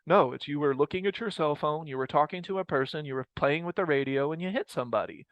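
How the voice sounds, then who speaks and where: A man's voice: on the high side, quick pace, a bit bright, no echo, dull audio. A man leading a group study session on a mindfulness practice, talking in a rambling, reflective way and often correcting himself. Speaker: mindfulness teacher. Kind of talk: casual group teaching talk.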